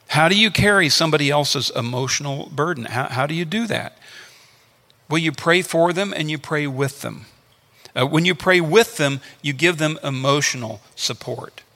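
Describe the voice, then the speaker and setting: A male preacher with a bright, forceful, gravelly voice delivers an earnest teaching sermon, circling back to his phrases for emphasis. The sound rings with a long reverb, like a big hall. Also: mid-range voice.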